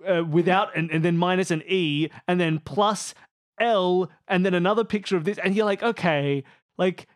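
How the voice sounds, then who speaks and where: A man with an Australian accent co-hosting a podcast, explaining things in a rambling, animated way with many restarts. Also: high-pitched, normal speed, clean tone, no room sound, clean studio sound. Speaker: podcast co-host. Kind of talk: casual chat.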